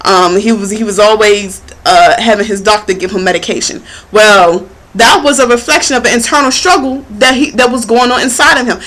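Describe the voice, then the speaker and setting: A woman life coach giving a passionate motivational talk, excitable and laughing as she speaks. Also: mid-range voice, brisk, hardly any pauses, poor audio. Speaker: spiritual life coach and marketing mentor.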